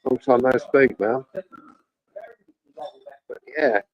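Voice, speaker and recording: A man's voice: mid-range voice, fairly even intonation, takes it slowly, highs cut off. A man chatting casually and rambling to live-stream viewers from a cafe.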